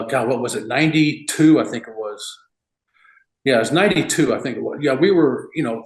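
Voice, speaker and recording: A man in his fifties, a retired relief pitcher, telling old stories as a guest in a casual rambling way full of "you know" and chuckles. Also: roomy sound, rough recording. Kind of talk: casual storytelling interview.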